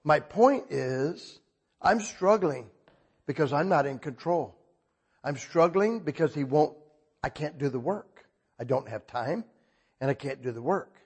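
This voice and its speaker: An older man preaching a sermon in a husky voice, talking conversationally and asking the congregation frequent questions. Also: fairly high pitch, lively intonation, unhurried. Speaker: pastor.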